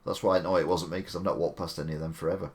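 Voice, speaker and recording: Rambling man, lowish voice. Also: level tone, racing, darkish tone. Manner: chatty, opinionated, rambling asides. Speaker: live-stream host. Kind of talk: casual live-stream commentary.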